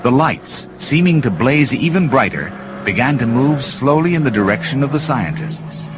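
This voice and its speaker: Expressive male storybook narrator. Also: medium pitch, normal speed, background noise. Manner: expressive, building with the action. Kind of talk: storybook read-along narration.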